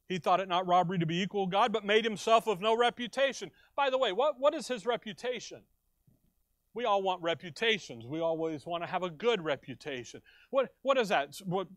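High-voiced American preacher, dry sound. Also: male voice, no echo. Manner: asks the congregation questions and answers them himself; acts out quoted voices with big swings in loudness. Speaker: pastor. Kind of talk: sermon.

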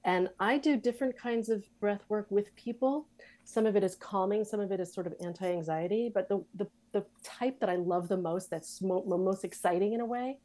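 A woman speaking as an interview guest, earnest and reflective. Her pitch sits in the middle for a woman, and she talks through ideas with quick laughter. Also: dark tone, poor audio. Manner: thoughtful, earnest, laughs easily. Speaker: guest, writer, actress and breathwork leader. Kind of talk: interview conversation.

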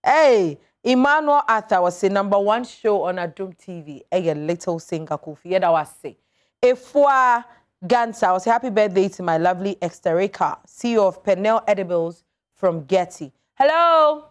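A woman hosting a radio call-in show, chatting with callers and reading listeners' messages, lively and quick to laugh. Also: medium pitch. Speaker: radio talk show host.

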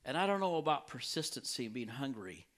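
A healing evangelist shares his testimony with a congregation in a medium-pitched male voice. He tells it animatedly, and his voice leaps high whenever he quotes his own reactions. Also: big pitch swings, fast talker, fairly bright tone. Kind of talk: testimony in a church talk.

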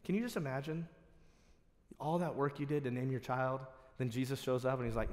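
Male pastor, mid-pitched, passionate sermon delivery, long church reverb. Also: fairly quick, a little mellow. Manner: passionate, builds to emphatic exhortation. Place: church sanctuary.

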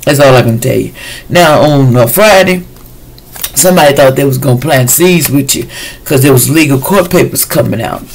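A man's voice: medium pitch, vocal fry, slight background noise, rough recording. A man giving a casual weekly tarot reading, chatty and slangy, talking straight to his viewers. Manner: chatty, loose and slangy, addresses viewers directly. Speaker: tarot reader.

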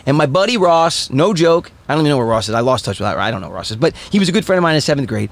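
A man in his forties, a podcast guest from the Philadelphia area, telling stories in an animated, casual way. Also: on the high side, rapid-fire, gravelly. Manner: animated, jumps into voices while telling stories. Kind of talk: casual storytelling chat.

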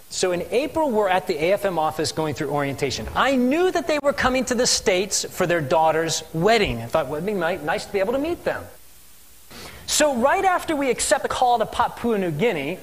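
A man telling his missionary story as a sermon testimony in a church, animated and asking the congregation questions. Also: sits high. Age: adult with three children. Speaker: missionary speaker.

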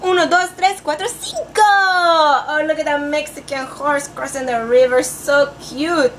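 A woman playing an overeager class teacher, reading a storybook aloud in a sing-song voice with drawn-out words and Spanish phrases mixed in. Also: high voice, fairly even intonation, a bit bright, slight background noise. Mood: playful. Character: overeager female teacher persona, adult, playful. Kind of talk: comic storybook read-aloud.

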